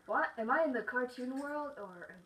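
A woman's voice: high voice, lively intonation, moderate pace, fairly bright tone, a little hiss or hum. A woman chatting casually while watching someone play a video game, playful and teasing. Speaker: co-player. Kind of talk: casual gaming chat.

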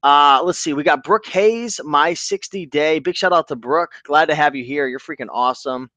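A man with a voice on the high side hosts a casual reselling live stream at a moderate pace, chatting loosely and enthusiastically reading out viewers' comments and shouting them out. The audio has no room sound.

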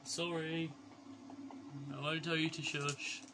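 A man's voice: fairly high pitch, little pitch movement, slow pace. A man giving playful, chatty gameplay commentary from his bedroom, breaking into exclamations. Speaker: gaming YouTuber. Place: bedroom at home. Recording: loud background noise.

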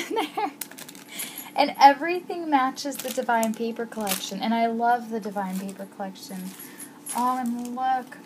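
A woman vlogger unboxing a crafting package, gushing with gasps and exclamations. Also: on the high side. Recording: noisy home recording.

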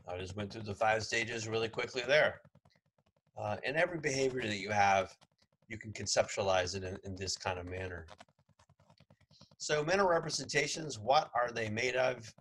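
A man's voice: on the low side, normal speed, long pauses, a bit bright, a little hiss or hum, rough recording. A man giving a casual classroom lecture as a psychology professor, chatty, with sarcastic asides and frequent fillers.

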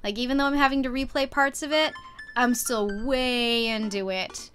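A woman's voice: a little high, steady tone, moderate pace, fairly bright tone, faint music behind. A woman hosting a let's play, chatting playfully and casually to her viewers. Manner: playful and chatty, sings off-key snippets. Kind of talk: casual gameplay commentary.

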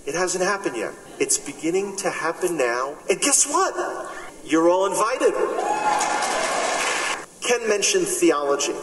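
A man's voice: high-pitched, expressive, unhurried, long pauses, fairly bright tone. A man with a Bronx New York accent giving an emphatic speech at a gathering, full of rhetorical questions and humorous asides. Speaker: speaker at a gathering. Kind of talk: impassioned religious speech. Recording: echoey hall, speaker far from mic.

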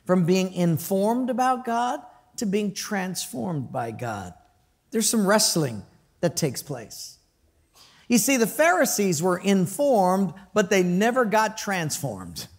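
A male pastor preaching a conversational sermon, telling stories and asking the congregation questions. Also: high voice. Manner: storytelling, conversational, asks the crowd questions; acts out quoted voices with laughter.

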